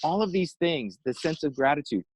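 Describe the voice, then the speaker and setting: A man giving an inspirational talk over a video call, telling a story in an animated way and acting out the quotes. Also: on the high side, moderate pace, slightly rough, poor audio. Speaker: inspirational speaker.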